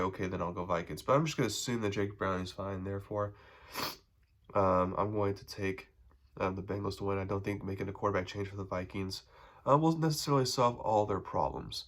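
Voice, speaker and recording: A young man with a cold and a nasal voice, hosting a solo sports podcast in a casual way with frequent ums. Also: lowish voice. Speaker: podcast host.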